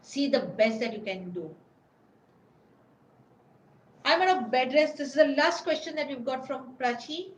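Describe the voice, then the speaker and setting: Earnest woman, high voice. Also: animated, measured pace, pauses often, reverberant, rough recording. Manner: earnest, instructive, speaks directly to expectant mothers. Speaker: prenatal parenting webinar host. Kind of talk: webinar talk answering viewer questions.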